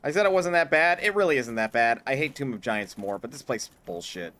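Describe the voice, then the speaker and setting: Animated swearing man streaming a game. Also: medium pitch, brisk. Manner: swears often, swings between mock-grand speeches and frustrated outbursts. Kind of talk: casual gameplay commentary.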